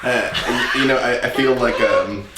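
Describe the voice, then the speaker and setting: A man's voice: mid-range voice, fairly even intonation, normal speed, reverberant, far from the mic, very noisy. A man appearing as a guest on a casual podcast, joking and self-deprecating, stammering often.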